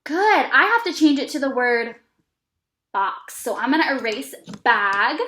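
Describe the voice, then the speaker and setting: A woman teaching an early reading lesson to young children, speaking slowly and encouragingly with plenty of praise. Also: high-pitched, very animated, bright, forceful tone, roomy sound. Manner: slow, exaggerated, encouraging teacher talk with praise.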